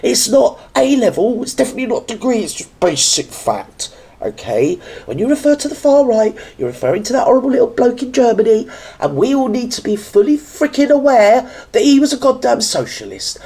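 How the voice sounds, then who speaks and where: Her voice is on the high side, warm and very animated, and she speaks briskly. This British woman hosts a reaction video standing indoors, ranting sarcastically and indignantly while mocking others with put-on voices.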